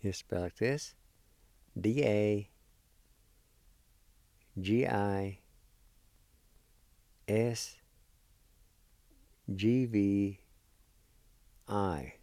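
A man teaching a language lesson, spelling words letter by letter and pronouncing them slowly and deliberately. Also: lowish voice, warm tone, no echo.

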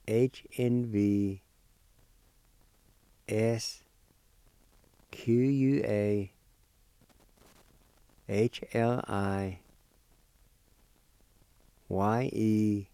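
A man teaching a language lesson, spelling and pronouncing words slowly, letter by letter, and encouraging his listeners. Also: on the low side, warm tone, clear, resonant tone, dry recording. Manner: slow, deliberate, spells letter by letter. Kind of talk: slow spelling and pronunciation lesson.

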